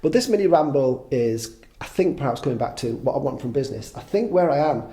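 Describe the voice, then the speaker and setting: A man's voice: mid-range voice, lively intonation, a little fast, dark tone. A man in his fifties, a podcast guest, chatting casually in a rambling way, swearing freely and making fun of himself. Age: 50s. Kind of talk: casual conversation.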